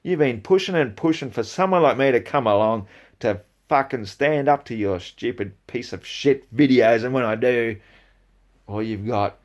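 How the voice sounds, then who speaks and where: A man delivering angry ranting commentary, profane and heated, swinging between low mutters and loud outbursts. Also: moderate pace. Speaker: video creator.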